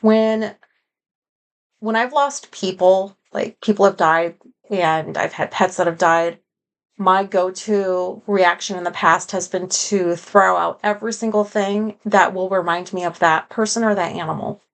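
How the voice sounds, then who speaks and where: A woman's voice: medium pitch, a little slow. A woman hosting a personal podcast, talking frankly and emotionally, rambling and going off on tangents. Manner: frank and emotional, with many fillers. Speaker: podcast host. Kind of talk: casual personal podcast monologue.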